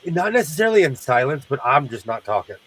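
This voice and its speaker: A man's voice: mid-range voice, sing-song, quick pace, a bit bright, breathy edge, recorded from a distance, rough recording. A man hosting a sewing livestream, congested from sinus trouble, chatting in a rambling way and laughing often. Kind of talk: casual chat while sewing.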